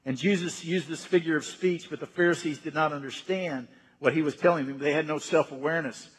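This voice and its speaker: High, husky-voiced man preaching. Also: fairly even intonation, fairly quick. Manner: emphatic, repeats words while building a point. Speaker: senior pastor. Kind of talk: sermon. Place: church sanctuary. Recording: reverberant church hall.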